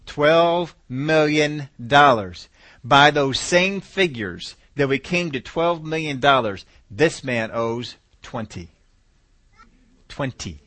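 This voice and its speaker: A man's voice: mid-range voice, a bit bright, no echo. A male preacher giving a sermon, driving points home by repeating key words and numbers.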